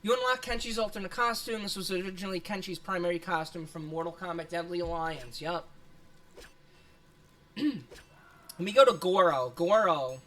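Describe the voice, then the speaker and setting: At normal speed, a streamer with a fairly bright, medium-pitched voice talks casually while gaming. They ramble, swear a lot, laugh often, and sound self-conscious about their voice.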